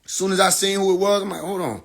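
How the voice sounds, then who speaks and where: Man, husky, slightly high-pitched, brash and profane, phone livestream rant. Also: fairly even intonation, fast. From Atlanta. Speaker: livestream host.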